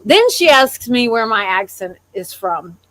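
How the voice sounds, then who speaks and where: A woman's voice: fairly high pitch, sing-song, a little slow, sharp tone, low-quality recording. A woman co-hosting a casual chat, telling anecdotes and admitting she is a nervous traveler. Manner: storytelling, admits nervousness, acts out quotes. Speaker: co-host.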